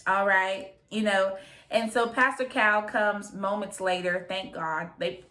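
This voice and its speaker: Young woman, bright voice, casual opinionated recap vlogger. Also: mid-range voice, unhurried. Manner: chatty, opinionated, quotes people in her own voice.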